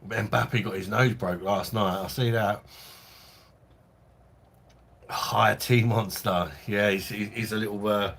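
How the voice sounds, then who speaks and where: A man's voice: lowish voice, fairly even intonation, slow pace, vocal fry, pauses often, a bit bright. A man hosting a casual live stream from home, chatting and joking with viewers and laughing often in a loose, rambling way. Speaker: live-stream host reading viewer chat.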